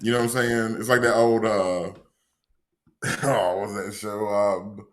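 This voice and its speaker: A man's voice: fairly low pitch, little pitch movement, a little slow. A man co-hosting a casual sports podcast, telling stories in a dry, wry and exasperated way. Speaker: podcast co-host.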